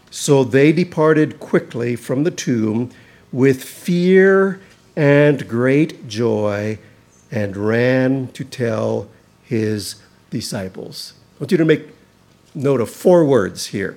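A male pastor delivering a sermon at an unhurried, measured pace. His voice sits at a middle pitch and lifts with emphasis when he reads scripture. He lingers on single words to drive each point home. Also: expressive, a little mellow. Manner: slow, deliberate preaching with emphatic rises on scripture quotes.

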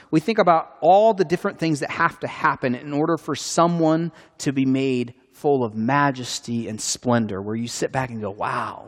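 A man's voice: fairly high pitch, long reverb tail. A man preaching a sermon in an earnest, conversational way, with a few restarts, in a church sanctuary. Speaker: pastor.

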